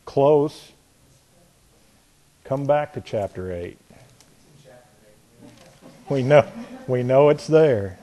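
A man preaching a sermon, questioning the congregation and reading scripture aloud, building from soft to emphatic. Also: medium pitch, lively intonation, very slow, pauses often. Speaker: pastor.

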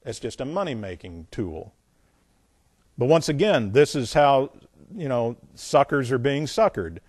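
A man's voice: mid-range voice, lively intonation, measured pace, darkish tone, husky. A man preaching a sermon. He reads scripture aloud with emphasis and drops into blunt, scornful, plain-spoken asides. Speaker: pastor.

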